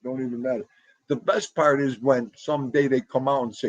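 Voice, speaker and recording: A man hosting a casual livestream from home, loudly greeting chatters by name and reacting to comments. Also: medium pitch, fairly even intonation, fairly quick, vocal fry, no room sound, dull audio. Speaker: livestream host. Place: home room.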